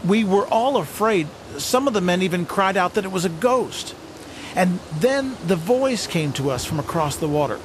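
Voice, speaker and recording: A man telling a dramatic first-person story as a fisherman disciple, halting and stammering with wonder. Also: sits high, expressive, noisy background. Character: fisherman disciple recalling his teacher, earnest.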